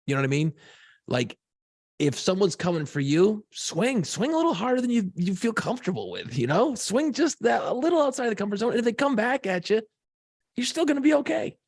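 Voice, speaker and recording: A man's voice: sits high, very animated, brisk, dry recording, clean studio sound. A man co-hosting a podcast in casual chat, handing out blunt advice and swearing freely. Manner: blunt, swears, gives pep-talk advice. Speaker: podcast co-host.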